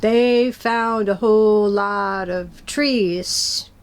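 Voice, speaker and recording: Slow, patient woman storyteller for kids. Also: medium pitch, clean tone. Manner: gentle, patient, teacherly, asking kids questions. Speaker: children's storyteller. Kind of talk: storytelling for children.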